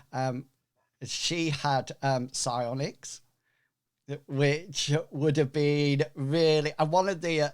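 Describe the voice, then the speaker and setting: A man running a tabletop game as game master, talking casually and hesitantly with many fillers. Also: medium pitch.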